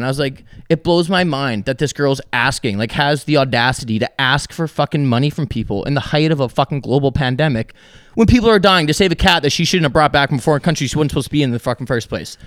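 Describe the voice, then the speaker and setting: A man's voice: fairly high pitch, lively intonation, quick pace, no echo, clean studio sound. A young adult man from Alberta, Canada, a podcast guest telling a profane, ranting story in casual talk. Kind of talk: casual storytelling with heavy swearing.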